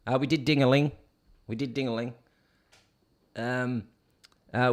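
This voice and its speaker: A man's voice: medium pitch, fairly even intonation, unhurried, long pauses. A middle-aged Canadian man hosting a casual livestream, reading viewer comments aloud and breaking into bits of songs. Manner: reads comments aloud, sings snatches of songs. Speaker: livestream host reading chat. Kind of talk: casual chat.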